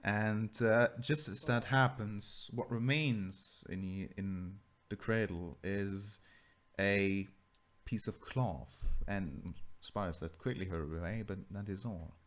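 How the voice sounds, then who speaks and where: A man's voice: lowish voice, slow pace, few pauses. A man narrating and running a tabletop role-playing game as game master, chatty and teasing. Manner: chatty and teasing, laughs often.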